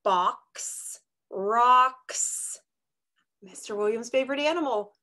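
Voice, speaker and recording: A woman running an online small-group lesson for little kids. Her voice is fairly high and lively, rising and falling a lot. She talks in a slow, exaggerated, encouraging teacher way, stretching out words as she claps syllables. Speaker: kindergarten teacher.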